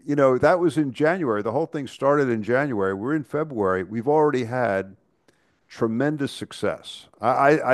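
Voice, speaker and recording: A man's voice: fairly low pitch, no room sound, studio quality. A man co-hosting a podcast, talking casually and chattily with frequent restarts and stammers. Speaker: podcast co-host. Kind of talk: casual chat.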